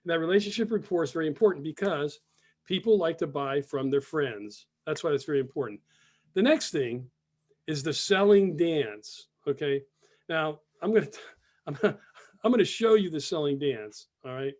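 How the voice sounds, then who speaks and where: This webinar presenter, a business mentor, has a fairly high, darkish voice with lively intonation and a moderate pace. He teaches a live sales session casually, staying upbeat and chatty, repeating himself and reading chat messages aloud through a computer microphone.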